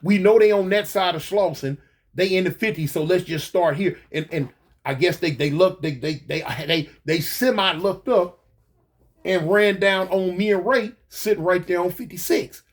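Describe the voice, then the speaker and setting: A man casually recounting a past event, animated, stumbling over restarts and mouthing gunshot sounds. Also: high voice, normal speed. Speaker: guest recounting a shooting. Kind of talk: casual storytelling.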